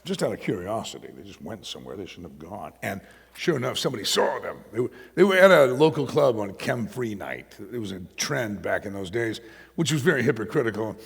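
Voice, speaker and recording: A middle-aged man preaching a sermon as a pastor, telling a story that swings from hushed asides to loud emphasis. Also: lowish voice, expressive, fairly quick, gravelly, husky. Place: church sanctuary. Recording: long hall reverb.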